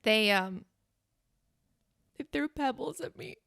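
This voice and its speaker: A woman co-hosting a comedy podcast, telling a mock-tragic story in a deadpan, casual way. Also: a little high, slow pace, vocal fry, dry recording, clean studio sound. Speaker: podcast co-host.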